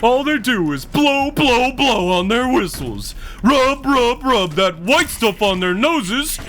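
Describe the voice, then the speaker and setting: A man's voice: very high-pitched, sing-song, fairly bright tone, voice pushed up, full character voice. A man putting on a dim-witted, blustering cartoon starfish voice. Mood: dopey ranting. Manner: slow, dopey and blustering.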